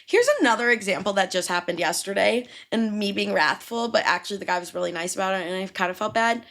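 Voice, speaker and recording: A woman's voice: medium pitch, fast, creaky, fairly bright tone. A young woman hosting a podcast alone, telling casual stories with a lot of swearing and acted-out quotes. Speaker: podcast host. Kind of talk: solo casual storytelling.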